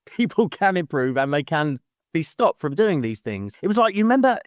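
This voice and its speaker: A podcast co-host in a casual book-club chat speaks at normal speed in a slightly high voice with big swings in pitch. He swears freely, laughs in the middle of sentences, and imitates people when quoting them, all in clean studio sound with no echo.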